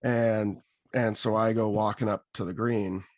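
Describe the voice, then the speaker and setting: A man hosting a podcast, telling an animated story and acting out what people said. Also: on the low side, a little slow, dry recording, clean studio sound. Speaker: podcast host. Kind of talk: casual storytelling.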